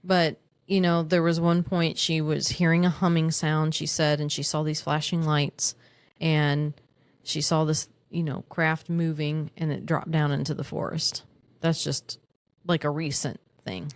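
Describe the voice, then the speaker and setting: A woman co-hosting a paranormal podcast in casual chat, recounting a witness story in a halting way with frequent restarts. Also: low voice, little pitch movement, no room sound. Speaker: podcast co-host.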